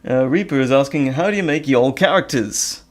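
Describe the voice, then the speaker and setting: A man's voice: medium pitch, moderate pace. A man hosting a casual live stream, reading chat questions aloud with frequent ums and hesitations. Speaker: live stream host and audio creator.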